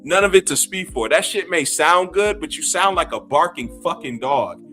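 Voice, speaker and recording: Guy in his 50s going off on a profane rant, kinda high voice, faint music behind. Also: animated, normal speed, pushed and bright. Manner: profane, mocking, laughing scornfully. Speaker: gaming YouTuber. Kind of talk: heated rant to camera.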